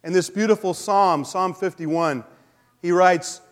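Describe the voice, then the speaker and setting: A male pastor preaching a sermon in a relaxed, conversational way, with frequent fillers. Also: high voice, a little slow. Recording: long hall reverb.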